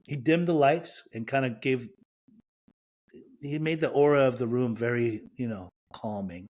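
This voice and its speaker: A middle-aged man from Iran speaks as a guest on a podcast and tells a personal story. He voices the dialogue of the people in it and lets real emotion into the retelling. His pitch sits in an ordinary middle range. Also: measured pace, a little mellow.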